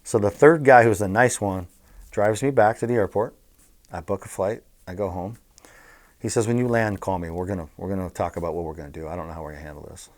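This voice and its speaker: Low-pitched and quick, this middle-aged Southern Californian man spins profane, no-nonsense yarns as a guest on an interview. He used to be a bookmaker, and his casual storytelling is lively and blunt.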